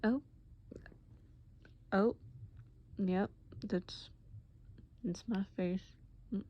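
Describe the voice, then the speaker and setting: A tender young man murmurs pet names in a whispered role-play, as a woman puts him on. He speaks slowly and softly, never raising his voice. The recording sounds dull and lo-fi. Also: mid-range voice, fairly even intonation. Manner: soft, gentle, affectionate pet names.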